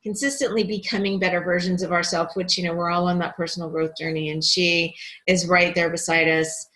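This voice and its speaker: A woman hosts an online gathering in a loose, chatty manner. She pauses often and fills the gaps with little hesitations. Her voice sits a little low. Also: little pitch movement, fairly bright tone, rough recording. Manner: chatty, hesitant, many fillers. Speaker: host. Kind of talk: casual online group chat.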